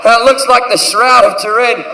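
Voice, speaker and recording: A stand-up comedian in his thirties with an Australian accent and a very high-pitched voice performs a crude routine on a theatre stage at a moderate pace, acting out the voices in his story. He's recorded from a distance in an echoey theatre with heavy background noise.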